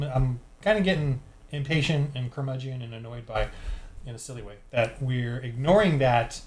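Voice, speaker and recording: A man who designs tabletop games, talking casually into a desk microphone and thinking aloud while he rolls dice to prepare a game. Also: medium pitch. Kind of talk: casual solo game-prep walkthrough.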